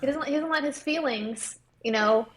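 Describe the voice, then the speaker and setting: Co-host, female, higher pitch, playful teasing banter. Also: normal speed, fairly bright tone. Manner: playful, teasing quips, laughs often. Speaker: podcast co-host. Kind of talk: casual chat.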